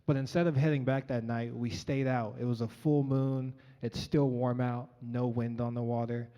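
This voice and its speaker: A man's voice: mid-range voice, little pitch movement, moderate pace. A young man from Colorado telling a personal story live on stage, earnest and conversational with frequent ums, through a stage microphone. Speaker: featured storyteller. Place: large event hall, on stage. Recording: dull, echoey live hall recording.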